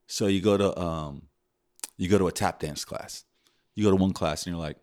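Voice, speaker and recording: A man's voice: sits low, a little fast. A young man in casual podcast chat, telling stories and acting out his own reactions. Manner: animated storyteller, acts out his own reactions. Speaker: podcast co-host.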